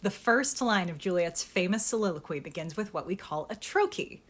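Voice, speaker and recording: A young adult woman, an acting coach, explaining Shakespeare's verse in a lively, emphatic way and sounding out stress patterns. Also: lowish voice, brisk.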